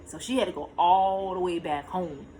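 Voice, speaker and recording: A young woman recounts her own story in a casual home vlog, talking straight to her viewers. Her pitch jumps high whenever she relives a tense moment. The camera mic picks up faint noise in the room. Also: steady tone, moderate pace, dark tone, low-quality recording. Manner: talks to viewers directly, shushing her child between lines. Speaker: vlogger telling a story.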